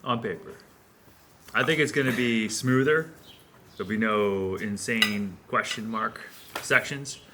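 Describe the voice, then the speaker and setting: A man cyclist in a casual vlog, steady and reassuring as he talks, with some fillers. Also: lowish voice, a little slow, noisy background.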